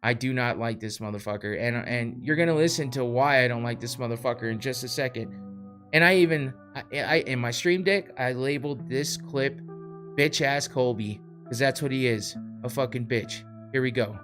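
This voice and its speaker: A man's voice: medium pitch, moderate pace, a bit bright, faint music behind. A man hosting a podcast, ranting in a heated, profane way. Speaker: podcast host. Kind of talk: casual podcast rant.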